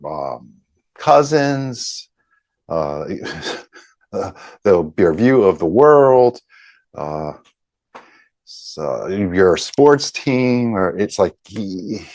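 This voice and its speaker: A man leading a group healing session over a video call, talking gently and haltingly with many pauses. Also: low-pitched, dry recording.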